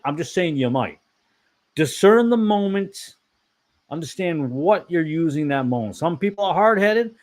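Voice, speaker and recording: A man hosting an online fellowship talk, preaching in a casual, rambling way, giving blunt opinions and often correcting himself. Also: fairly high pitch. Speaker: online fellowship discussion host.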